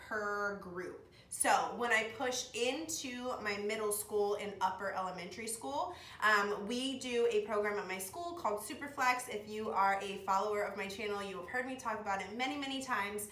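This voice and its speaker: A woman in her twenties chatting to camera about her work as a speech-language pathology assistant, gushing and excited, with lots of "like" and "oh my gosh". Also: medium pitch, normal speed, hardly any pauses. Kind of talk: casual chat to camera. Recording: echoey room, mic at a distance, faint noise.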